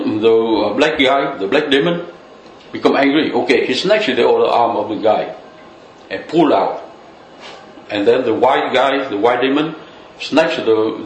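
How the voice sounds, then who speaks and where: A man teaching Buddhism to a room in a relaxed, talky way, often leaning on "you know". His voice sits at a middling pitch and rings in a roomy, echoing space with a faint hiss. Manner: loose, conversational, many "you know" fillers. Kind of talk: dharma talk. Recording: echoey room with faint noise.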